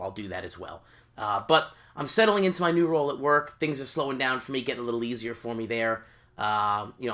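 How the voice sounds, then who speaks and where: A man's voice: medium pitch, pushed and bright. A man hosting a gaming channel, chatting casually to viewers from home with lots of fillers and restarts. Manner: rambling, many fillers and restarts. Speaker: YouTube gaming channel host. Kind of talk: casual let's-play talk to viewers. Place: home, sitting on a creaky seat.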